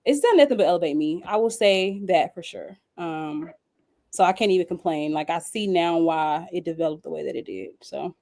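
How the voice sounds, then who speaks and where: A young woman, a singer and songwriter, telling a story in a casual interview, animated and laughing often. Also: on the low side, moderate pace. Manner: animated, squeals when acting out quoted dialogue.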